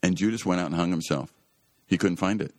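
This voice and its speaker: A man's voice: low-pitched, fast talker, no echo, studio quality. A man hosting a Christian radio talk show, telling a Bible story in an earnest, emphatic way that often rises to exclaim.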